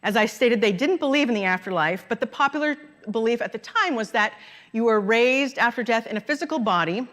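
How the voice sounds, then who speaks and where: A middle-aged woman preaches in a relaxed, conversational way, pausing to laugh at her own anecdotes. Her voice sits a little high. It is a Sunday talk in a church sanctuary. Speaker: minister. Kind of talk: sermon.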